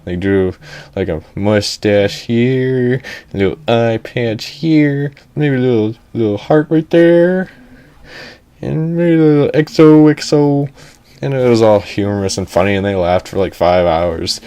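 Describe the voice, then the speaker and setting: A young man narrating a comedic animated story in a rambling, jokey way, interrupting himself with asides. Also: medium pitch, measured pace, clear, resonant tone.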